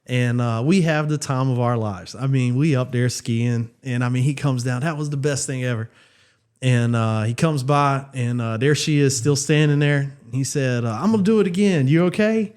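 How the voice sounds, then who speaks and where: A man's voice: medium pitch, fairly even intonation, darkish tone, clear, resonant tone. A man co-hosting a casual podcast, telling a funny story and laughing through it. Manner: laughing through anecdotes, quick asides. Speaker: podcast co-host, youth leader.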